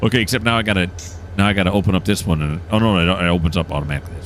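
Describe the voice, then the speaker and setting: A man's voice: sits low, animated, very fast, a bit bright, a little hiss or hum. A man giving casual, enthusiastic commentary while playing a train simulator, explaining each step as he goes. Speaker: gameplay streamer.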